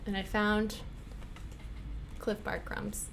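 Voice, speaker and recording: A woman's voice: mid-range voice, level tone, slow pace, vocal fry, fairly bright tone, a little hiss or hum. A woman hosting a casual livestream, chatting and giggling as she reads tarot cards for her viewers. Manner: giggly and chatty, answering chat. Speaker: livestream host.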